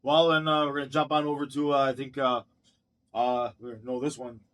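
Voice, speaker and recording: A man's voice: mid-range voice, fairly even intonation, normal speed, fairly bright tone. Man chiming in, off-mic. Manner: short agreeing interjections. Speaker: interviewer. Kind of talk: casual interview. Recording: distant from the mic.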